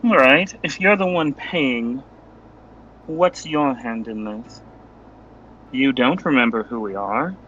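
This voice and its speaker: A man's voice: a little high, expressive, slow, sharp tone, lo-fi sound, a little hiss or hum, exaggerated voice. A man voicing a blunt, suspicious male adventurer who asks pointed questions.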